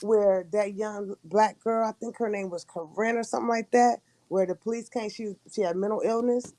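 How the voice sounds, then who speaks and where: A woman's voice: mid-range voice, steady tone, normal speed, dark tone, no room sound. A woman hosting a casual livestream chat, talking in a loose, rambling way with many restarts. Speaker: livestream host.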